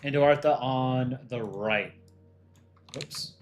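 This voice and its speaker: A man's voice: mid-range voice, takes it slowly, a little hiss or hum. A man who voices cartoon characters, hosting a casual livestream and reading viewer chat aloud as he runs polls. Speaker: livestream host and voice actor.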